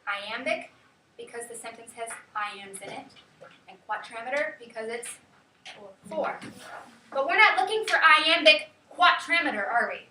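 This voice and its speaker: A woman teacher giving a lively classroom lecture, quizzing her students and counting out rhythms aloud. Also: high-pitched, moderate pace. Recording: echoey classroom from far off, faint hiss.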